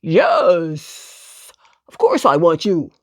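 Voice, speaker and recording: A woman's voice: fairly low pitch, wildly swooping pitch, extremely slow, dry recording, studio quality, voice pushed down, heavily acted. A woman voicing a hearty old circus dog. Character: kind old male circus dog soldier, polite.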